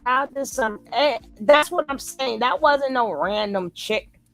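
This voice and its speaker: A woman's voice: a little high, measured pace, faint music behind. A woman giving casual live reaction commentary, reading the chat and acting out quoted lines with lots of repetition. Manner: animated, repeats quoted lines in different voices; talks back to a live chat.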